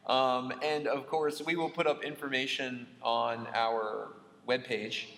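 A man's voice: mid-range voice, level tone, takes it slowly, a bit bright. A man co-hosting a podcast, chatting casually in an upbeat, friendly way. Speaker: podcast co-host. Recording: echoey room with long reverb, faint ambience.

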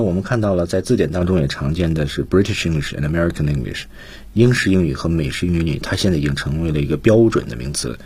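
A man's voice: low-pitched, darkish tone, slightly rough, no room sound. A man teaching English on the radio, patiently explaining and repeating key points in a bilingual lesson.

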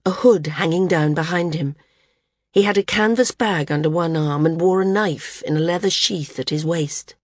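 A woman reads a novel in measured, even narration. Her voice is fairly low and has a husky texture. The recording is dry and close, with no room sound. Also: no room sound. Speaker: audiobook narrator. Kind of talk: scripted narration.

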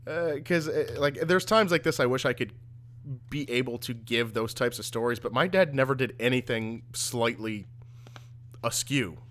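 A man's voice: mid-range voice, moderate pace, a bit bright. A man in casual podcast chat, reacting to a friend's stories with easygoing jokes. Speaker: podcast co-host.

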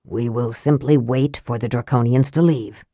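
A cool, calculating young wizard who speaks in flat, measured sentences, as a woman voices him. His voice sits low and even, recorded close and dry like an audiobook read. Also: no room sound.

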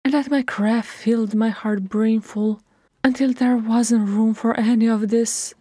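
Woman reading as a guarded young singer, quiet, clipped, raised pitch, dry sound. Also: fairly even intonation, a little slow, husky, no echo. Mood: wistful. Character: reserved young woman singer, dignified but raw.

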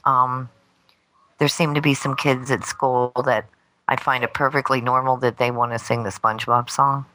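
Wry woman co-host, bright tone. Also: very deep voice, little pitch movement, normal speed, slight background noise, rough recording. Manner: wry, joking. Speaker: podcast co-host. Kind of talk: casual chat.

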